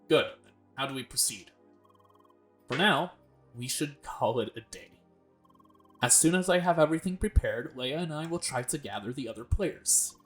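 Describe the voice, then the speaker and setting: A man of middle pitch reads a game's dialogue aloud as host of a let's play. He keeps the delivery plain and stops now and then to add his own comments. Faint game music plays behind him. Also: animated, unhurried, pauses often, fairly bright tone.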